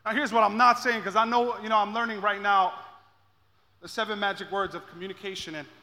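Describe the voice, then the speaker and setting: Male pastor, high bright voice, passionate sermon builder, reverberant church hall. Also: fairly even intonation, fairly quick. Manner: builds from quiet intensity to shouting climaxes, repeats phrases.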